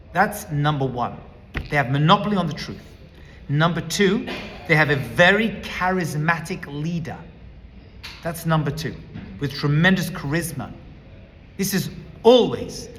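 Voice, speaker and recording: Bright, animated rabbi teaching in a hall. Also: male voice, fairly high pitch. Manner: emphatic, lecturing, builds points as a numbered list. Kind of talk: teaching talk.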